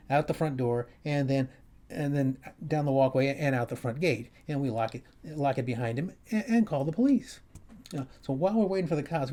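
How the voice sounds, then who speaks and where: Comedian guy at home telling a story, mellow voice, halting and wry. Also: mid-range voice. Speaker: comedian and host. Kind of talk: storytelling monologue. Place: his home, upstairs.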